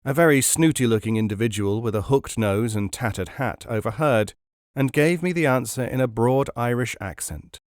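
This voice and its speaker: Male audiobook narrator, mid pitch, measured, dry studio sound. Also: dry recording. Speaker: podcast narrator. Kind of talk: scripted narration of a book.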